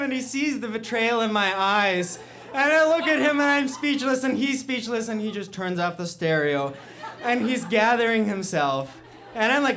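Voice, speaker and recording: A man from Russia telling a self-mocking story on stage before an audience, building to loud punchlines. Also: high-pitched.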